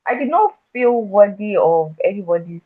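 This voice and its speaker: Tinny-sounding woman, halting and earnest. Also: mid-range voice, lively intonation. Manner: halting, with frequent restarts and repeated words; earnest and emotional when recounting her past. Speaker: guest. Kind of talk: personal storytelling in a conversation. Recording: tinny phone-like audio.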